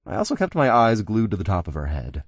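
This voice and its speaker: A young man reads a first-person audiobook in a somewhat low voice. His delivery is easygoing and lightly amused. The recording is dry and close, with no room sound. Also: wildly swooping pitch, fast talker, dry recording. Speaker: audiobook narrator. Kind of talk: first-person scripted narration.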